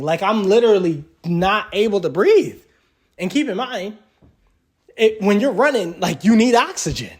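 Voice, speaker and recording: A young man casually telling a personal story, rambling and full of fillers like "like" and "literally". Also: high-pitched. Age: young adult.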